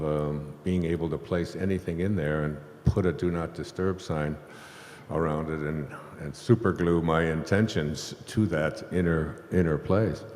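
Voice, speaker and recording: A man's voice: low-pitched, darkish tone. A man telling a long, rambling spiritual story on stage to a live audience, laughing now and then. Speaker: host. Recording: echoey hall.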